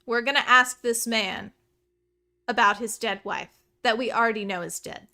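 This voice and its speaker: Host casting: a bubbly woman gamer chatting over gameplay, bright, slightly high voice. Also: moderate pace. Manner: chatty, excitable, rambling asides. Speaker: streamer. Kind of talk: let's play commentary.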